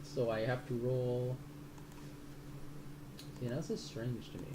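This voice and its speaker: A man's voice: medium pitch, little pitch movement, slow pace, noisy background. Man game master, muddled by rules, casual swearing, roomy room. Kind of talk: running a tabletop game.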